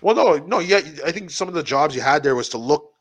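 A man's voice: fairly high pitch, lively intonation, quick pace, no room sound. A man co-hosting a podcast, telling rambling crude stories with lots of swearing and acted-out quotes. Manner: rambling storyteller, swears a lot, acts out quotes. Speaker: podcast co-host. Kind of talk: crude casual chat.

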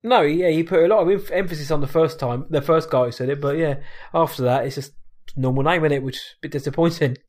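A man's voice: on the high side, fast talker, a little mellow. A man co-hosting a film podcast, casual chat that rambles and corrects itself, often laughing.

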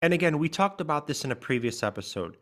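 A man's voice: a little high, expressive, fast talker, a bit bright. A man co-hosting a podcast as a grief coach, talking in an earnest, emphatic way and stressing key words. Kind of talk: podcast conversation.

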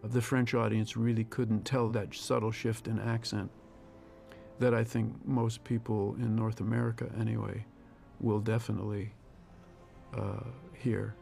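A man in his sixties, a film director giving a reflective, measured audio commentary. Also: on the low side, little pitch movement, creaky, darkish tone, faint music behind. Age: 60s. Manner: reflective, measured, with pauses and restarts.

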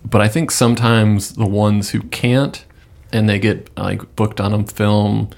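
A man co-hosting a podcast, talking in a relaxed, unhurried way with casual swearing. His voice sits low and carries a lot of gravelly fry. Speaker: podcast co-host. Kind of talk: casual chat.

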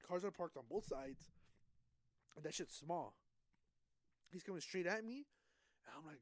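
Young man, podcast co-host, profane storytelling, fairly high voice, dry close sound. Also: animated, unhurried, pauses often, dry recording. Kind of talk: casual chat.

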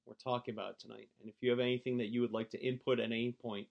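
A male pastor with a raspy voice, hoarse from a cold, praying and preaching in a halting way with many fillers. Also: mid-range voice, level tone, highs cut off. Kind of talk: sermon. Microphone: streamed online broadcast.

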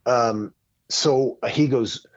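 A man's voice: medium pitch, drawn-out words, dry recording, muffled recording. A man telling a long story in casual podcast chat as a guest, rambling and heavy on swearing. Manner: profane, rambling, animated.

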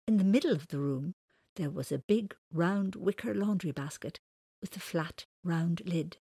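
A woman reading a children's storybook aloud in a slow, gentle manner. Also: on the low side, husky, no room sound. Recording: dry close recording.

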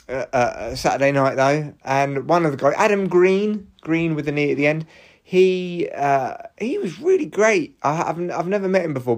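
A man, a comedian hosting his own podcast, rambling solo with hyper energy, restarts and excited jumps in his voice. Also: medium pitch.

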